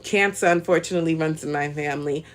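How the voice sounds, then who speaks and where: A woman in her thirties with a deep voice talks fast while hosting a relaxed live stream. Upbeat and motivational, she addresses viewers directly, answers and reads out their comments, and laughs a lot.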